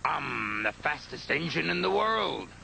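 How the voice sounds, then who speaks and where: A man's voice: sits low, expressive, measured pace, gravelly, sharp tone, a little hiss or hum, voice pushed down, heavily acted, low-quality recording. A man voicing a sneering, boastful male diesel engine in a scornful, mocking manner.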